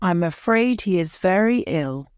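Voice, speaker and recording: A woman voicing a gentle, kind mother in an audiobook, speaking softly. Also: lowish voice, animated, a little slow, clean tone, no room sound, studio quality. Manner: soft and kind.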